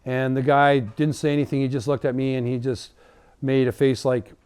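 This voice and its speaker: A man from Canada, a humanitarian volunteer, recounting a personal story in a halting, reflective way, with many fillers and restarts. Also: mid-range voice, level tone, darkish tone, clear, resonant tone.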